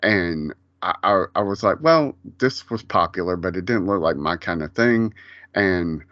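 A man's voice: low-pitched, animated, unhurried, a bit bright, dry recording. A man chatting casually on a podcast, ranting in an exasperated way and swearing freely, on a dull lo-fi recording. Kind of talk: casual chat.

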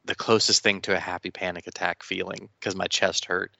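A man chatting casually on a podcast, telling stories in an animated way with frequent restarts, on a dull lo-fi recording. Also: low-pitched, fairly quick, creaky, no echo. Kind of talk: casual chat.

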